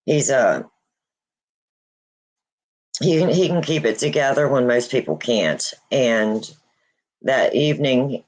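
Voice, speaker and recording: A woman hosting a casual livestream, grieving and near tears, speaking haltingly with many pauses and restarts. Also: a bass voice, lively intonation, darkish tone, poor audio. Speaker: host of a paranormal channel.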